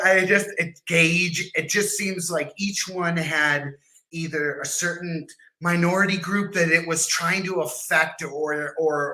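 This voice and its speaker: A man's voice: a little high, bright, forceful tone. A man co-hosting a casual podcast, rambling and restarting often, with the odd curse. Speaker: podcast co-host. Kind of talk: casual chat.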